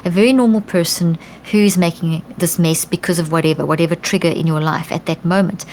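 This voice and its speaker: Middle-aged woman guest, earnest and animated, kinda low voice, bit of background hiss. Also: fairly quick. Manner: earnest, animated, with frequent restarts and acted-out quotes. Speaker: podcast guest. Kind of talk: conversational explanation.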